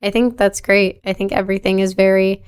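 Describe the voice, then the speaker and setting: A woman's voice: mid-range voice, flat delivery, fairly quick, smooth. A young woman guest on a podcast, talking in an earnest, reflective way with many "like"s. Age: young adult. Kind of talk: casual podcast conversation.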